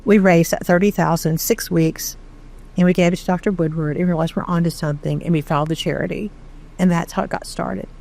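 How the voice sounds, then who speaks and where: A middle-aged woman from Texas tells her own story as an interview guest, candid and animated, with a self-deprecating streak. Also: on the low side, fairly quick, gravelly. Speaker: charity founder, interview guest. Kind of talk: conversational storytelling.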